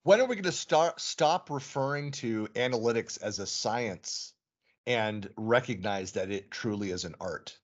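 A male podcast host with a lively, swinging pitch builds his points in long, animated runs. The audio is muffled and lo-fi, like an online call. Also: unhurried. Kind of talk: casual conversational interview.

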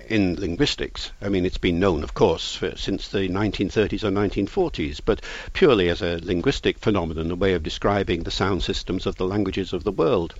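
A man's voice: low voice, dry recording, lo-fi sound. A man, a linguist guest, explaining points at length in an interview with an authoritative, lecturing manner.

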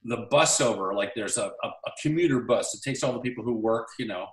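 Male actor guest, animated anecdote teller, roomy room sound, slightly off-mic. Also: medium pitch, brisk, far from the mic. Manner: animated storyteller acting out quoted lines. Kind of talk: casual anecdote storytelling.

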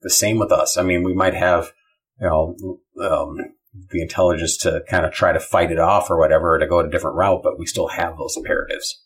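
A man with a very deep, husky voice gives blunt opinions in a casual conversation. He talks frankly and throws in some profanity. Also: fairly even intonation, a little fast. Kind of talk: casual chat.

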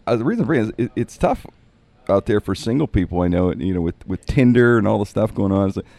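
A man's voice: lowish voice, quick pace, gravelly, no echo. A man telling a funny road-trip story in casual chat, acting out the other people's voices. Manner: animated, acts out quoted voices.

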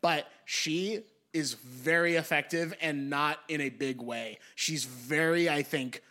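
A young man with a bright, forceful voice that sits a little high for a man. He talks through his favorite films with eager enthusiasm, swearing freely and stretching out the phrases he wants to land. His delivery feels like a casual podcast chat. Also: takes it slowly. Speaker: podcast co-host. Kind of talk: casual film discussion.

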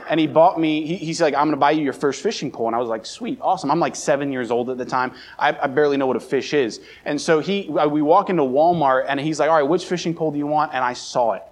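A young adult man from the Baltimore area preaching a sermon, telling a personal story and acting out the scenes with a raised voice. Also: mid-range voice. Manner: animated, acts out scenes with raised voice. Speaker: pastor. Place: church sanctuary.

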